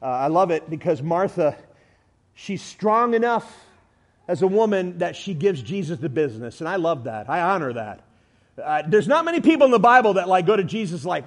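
A man preaching a sermon with emphatic delivery, swinging from loud declarations to hushed lines, with everyday illustrations and humor. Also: high-pitched, sing-song, moderate pace.

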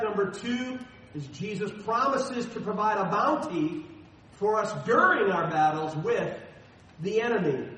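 Brief: male pastor, fairly high voice, emphatic preacher, recorded from afar in a big echoing church. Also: recorded from a distance, slight background noise. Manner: emphatic preaching, swinging between loud stresses and soft asides. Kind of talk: sermon. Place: church sanctuary. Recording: very echoey hall, voice from afar.

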